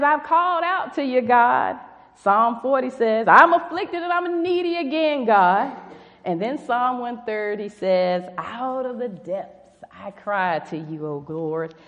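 Woman preaching a sermon, kinda high voice, big echo off the hall walls, leans hard on the scripture bits. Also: lo-fi sound. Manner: emphatic, reads scripture aloud with rising stress. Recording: echoey hall with long reverb.

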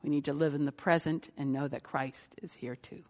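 A woman's voice: low voice, fairly quick. Woman preaching in a reverberant hall. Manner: storytelling, lively when quoting. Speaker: pastor. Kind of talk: sermon.

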